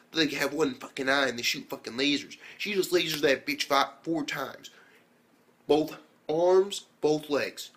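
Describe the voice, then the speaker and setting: A man's voice: fairly high pitch, fairly bright tone, husky. A man giving a rambling, profane spoken anime review, acting out characters' lines as he retells the episode.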